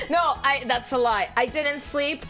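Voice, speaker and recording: A woman's voice: high voice, bright, forceful tone. A young woman streamer chatting casually with her viewers, sleep-deprived, laughing often and squealing when she thanks them. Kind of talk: casual live-stream chat.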